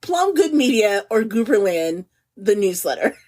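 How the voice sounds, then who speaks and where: Speak as a middle-aged woman co-hosting a casual podcast. Let your pitch bounce around freely, keep a soft husky edge, and stretch key words with a giggle underneath. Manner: animated, giggly, drawn-out emphasis. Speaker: podcast co-host. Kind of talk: casual chat.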